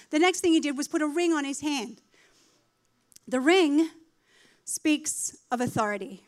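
A woman with a high voice delivers a sermon. She talks in an animated way and builds up to loud, emphatic declarations. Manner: laughs at her own slip of the tongue. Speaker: preacher.

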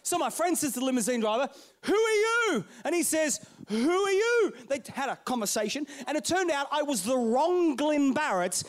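A man over thirty-five preaching a sermon, telling stories and swinging between loud bursts and hushed lines. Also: extremely high pitch, expressive, fairly quick, few pauses.

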